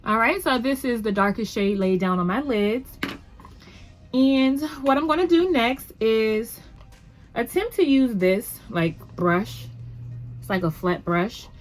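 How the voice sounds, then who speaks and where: A woman's voice: fairly high pitch, expressive, slow pace, faint music behind. A woman hosting a casual makeup tutorial at home, chatty and upbeat, rambling a little with fillers as she talks to the camera. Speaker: beauty vlogger.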